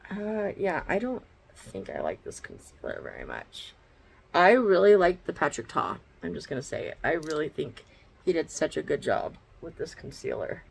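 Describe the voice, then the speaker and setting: A woman's voice: low-pitched, huge pitch swings, moderate pace, creaky, husky, rough recording. A woman chatting bluntly in a casual makeup vlog at home, swearing freely as she talks through each step. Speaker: beauty vlogger. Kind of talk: casual get-ready-with-me chat. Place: her bedroom at home.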